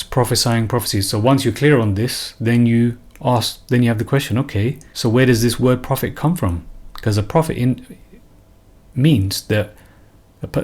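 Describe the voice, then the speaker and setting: A man giving an unscripted religious talk, earnest and emphatic, often repeating and restarting phrases. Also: medium pitch. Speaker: religious commentator.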